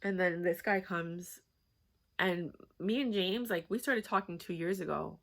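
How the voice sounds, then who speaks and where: A woman's voice: fairly low pitch, measured pace. A woman in her thirties telling a personal story in a candid, rambling vlog, full of fillers and swearing. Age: 30s. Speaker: vlogger.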